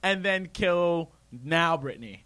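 A man's voice: a little high, slow pace, smooth, no echo. A man co-hosting a podcast in a small studio, bantering casually, joking and laughing easily. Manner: animated, laughs easily, jokey. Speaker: podcast co-host.

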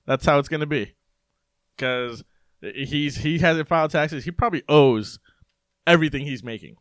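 A young man chats casually on a podcast, joking and putting on goofy voices. His voice sits a little high for a man. It is recorded dry and close, with no room sound. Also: moderate pace, fairly bright tone, dry recording. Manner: jokey, breaks into silly impressions and sung bits. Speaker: podcast co-host. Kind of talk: casual political chat.

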